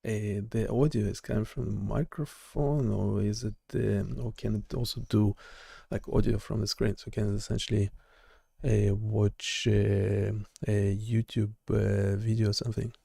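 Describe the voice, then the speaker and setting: A man hosting a live coding stream, chatting casually and haltingly with lots of fillers and restarts. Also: fairly low pitch, steady tone, vocal fry, dark tone, breathy edge, dry recording, clean studio sound. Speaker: live-stream host and developer.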